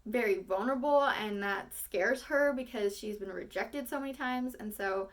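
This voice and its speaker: A woman's voice: on the high side, normal speed. A young woman, an acting student, thinking aloud between rehearsal takes, rambling and self-critical with lots of fillers.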